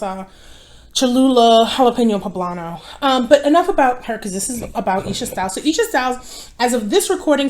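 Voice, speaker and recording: A young woman chatting casually at home as she eats, her voice sitting a little high. She sounds worn out and talks in a rambling way, losing her thread and correcting herself. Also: a little hiss or hum. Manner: rambling, easily distracted, self-correcting. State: tired. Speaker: mukbang vlogger. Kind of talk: casual chat while eating.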